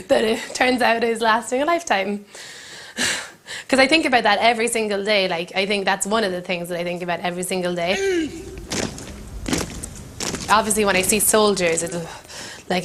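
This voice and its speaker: A woman's voice: mid-range voice, expressive, normal speed, long pauses, a bit bright. An Irish woman comedian telling a self-deprecating story in a country kitchen, laughing often. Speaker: comedian host. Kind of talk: storytelling to camera.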